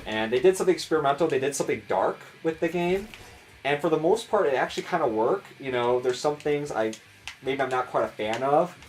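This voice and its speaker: A man with a Chicago accent rambling casually as he comments on his gameplay. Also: mid-range voice. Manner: rambling, chatty, self-mocking. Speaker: gaming streamer.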